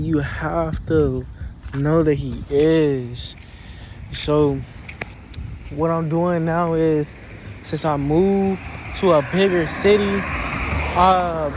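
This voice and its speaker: High squeaky young man, slow rambling. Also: a little hiss or hum. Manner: rambling, restarts, drawn-out pauses. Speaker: vlogger. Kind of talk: casual vlog chat.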